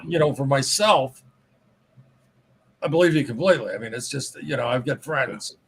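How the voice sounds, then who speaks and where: Podcast host man, candid, curses freely, husky voice, stumbles over his words. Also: mid-range voice, moderate pace. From Michigan. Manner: candid, swears, stumbling restarts. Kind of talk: casual podcast interview.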